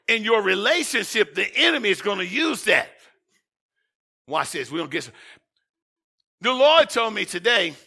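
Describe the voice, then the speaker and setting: A man preaching a sermon as pastor, swinging between shouted lines and quiet asides. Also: high-pitched, gravelly.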